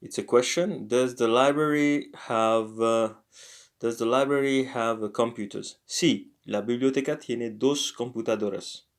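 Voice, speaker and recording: A man leads a casual online language lesson at a slow, unhurried pace. He speaks haltingly, thinking aloud, filling pauses and correcting himself as he goes. His voice sits at an ordinary pitch for a man. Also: steady tone. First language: French. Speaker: language teacher.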